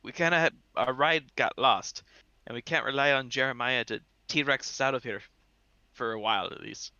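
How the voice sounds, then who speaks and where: A man's voice: mid-range voice, moderate pace, pushed and bright, clean tone, no room sound, muffled recording. A man playing in a tabletop game, bantering in character in a hesitant, playful way. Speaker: player.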